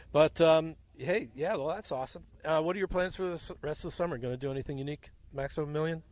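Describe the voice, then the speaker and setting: A man hosting a field interview outdoors at a small airfield, telling animated, jokey stories into a handheld mic. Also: fairly high pitch, quick pace. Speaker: host.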